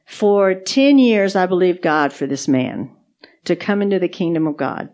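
Speaking at a normal speed in a lowish, slightly mellow voice, this woman co-hosts a podcast and talks casually about faith testimonies. She sounds earnest, often repeating words to stress them.

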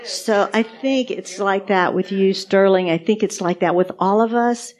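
A woman's voice: mid-range voice, measured pace, a little mellow. A woman co-hosting a podcast, sharing faith testimonies in casual chat, earnest and repeating words for emphasis. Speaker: podcast co-host.

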